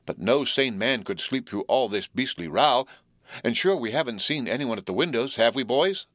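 A man's voice: medium pitch, animated, normal speed, a bit bright, no room sound, clean studio sound, close to an everyday voice. A man reading the part of a fat, flustered hotel proprietor who blusters and reassures.

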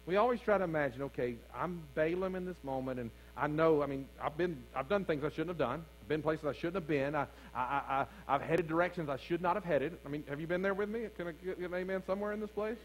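A man's voice: a little high, fast talker, hardly any pauses, a little hiss or hum, poor audio. A man preaching a sermon as pastor, calling out to his congregation with rising fervor. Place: church sanctuary.

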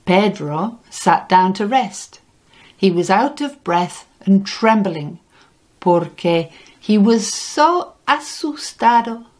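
An audiobook narrator with a mid-range voice reads a children's storybook aloud, gently and expressively. She slips Spanish words into her English sentences.

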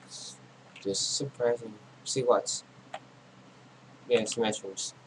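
A man narrating his own video game play in a casual, rambling way, talking to himself, his voice a little hoarse. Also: fairly low pitch, steady tone, slow, a little hiss or hum, poor audio. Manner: rambling, talks to himself while playing. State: losing his voice. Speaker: gaming channel host. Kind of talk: casual gameplay commentary.

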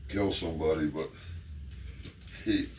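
A man's voice: extremely low pitch, fairly even intonation, a little slow, a little mellow, slight background noise. A man telling a personal story in a laid-back, profane, rambling way. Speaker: vlogger. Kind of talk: casual storytelling.

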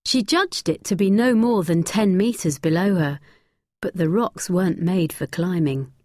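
A woman narrating a graded-reader story slowly, clearly and expressively. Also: on the low side, a little mellow, dry recording, studio quality.

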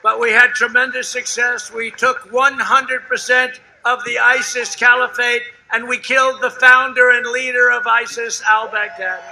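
Older male rally speaker: brassy, very bright voice, pitched fairly high, boastful and repetitive, with loud shouted peaks and quiet asides. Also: flat delivery, normal speed, few pauses, poor audio. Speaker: politician at a campaign rally. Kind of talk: rally speech. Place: outdoor rally before a large crowd.

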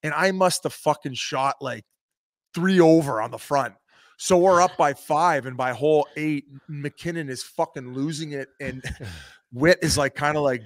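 A man's voice: a little high, moderate pace, no room sound. A man in his thirties, a former athlete, telling a rambling, profane story on a podcast, laughing as he goes. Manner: rambling, swears a lot, laughs while telling stories. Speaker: podcast guest, former hockey player.

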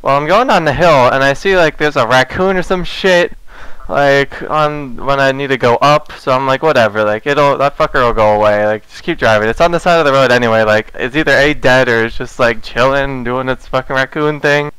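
A man's voice: mid-range voice, moderate pace, a bit bright, clean tone, no echo, low-quality recording. A man casually telling a rambling, profane story to friends, laughing through it.

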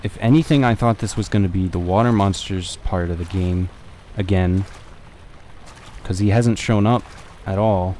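A man's voice: low voice, moderate pace, warm tone, slight background noise. A young man casually commenting on a horror game as he plays, swearing and talking to himself. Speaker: let's play gamer.

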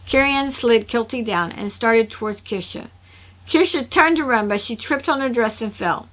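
A woman's voice: fairly high pitch, moderate pace, fairly bright tone, low-quality recording. A woman reading her own story aloud, narrating expressively between the dialogue.

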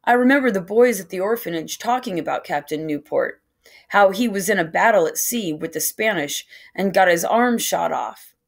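A woman teacher reading a novel aloud to a class in a steady first-person storytelling way. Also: medium pitch, moderate pace, creaky.

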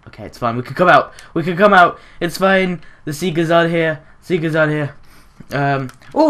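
Young man, gaming YouTuber, rambling excitable commentary with gasps and giggles. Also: fairly high pitch, brisk. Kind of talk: casual gameplay commentary.

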